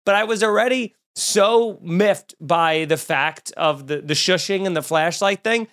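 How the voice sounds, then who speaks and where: Animated high-voiced man telling a story. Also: a little slow. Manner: animated, swearing, rising pitch when excited. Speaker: podcast host. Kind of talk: casual storytelling.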